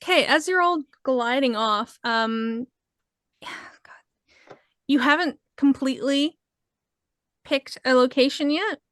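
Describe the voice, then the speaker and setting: A woman's voice: high-pitched, a little slow, dry recording, clean studio sound. A woman running a tabletop role-playing game as game master, narrating loosely with many fillers and small laughs. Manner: relaxed, hesitant with many ums and laughs.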